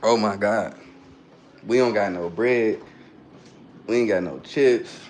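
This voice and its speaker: A man's voice: on the low side, takes it slowly, darkish tone, slight background noise. A man chatting casually on a phone livestream, joking and reading his chat aloud while queasy and burping after a hot sauce shot.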